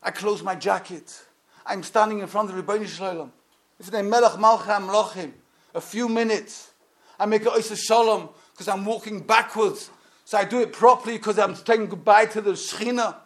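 Brief: man with a very high voice, impassioned sermon. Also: moderate pace. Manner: impassioned, swings from loud to hushed. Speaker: rabbi.

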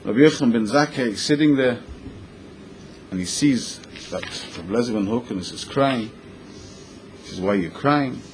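A man teaching a Talmudic story in English, mixing Hebrew and Yiddish terms into his lively retelling. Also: medium pitch, normal speed, long pauses, slight background noise, low-quality recording. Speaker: Torah teacher.

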